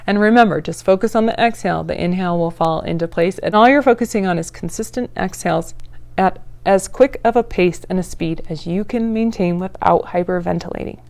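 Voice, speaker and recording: A woman teaching a yoga breathing practice in a casual, encouraging way, with playful asides and breathy demonstration sighs. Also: on the low side, darkish tone. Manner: breathy sighs and drawn-out ahs while demonstrating. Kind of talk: guided yoga class instruction.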